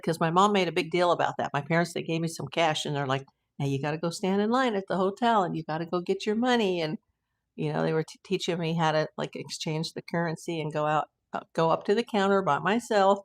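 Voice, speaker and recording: A woman's voice: on the low side, brisk. A woman hosting a casual live stream, telling rambling anecdotes and laughing often. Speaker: host of a live YouTube channel.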